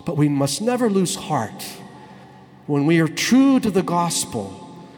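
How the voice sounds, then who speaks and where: A man, a priest, telling a story in a sermon, slowing down and stretching words to stress them. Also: fairly high pitch, sing-song, a little mellow, long reverb tail, soft background music. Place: church.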